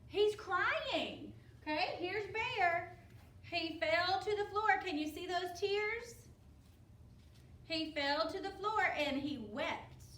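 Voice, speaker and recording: A woman's voice: very high-pitched, lively intonation, slow pace, a bit bright. A woman teacher reading a picture book to children, encouraging and asking pupils questions by name. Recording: roomy, distant mic.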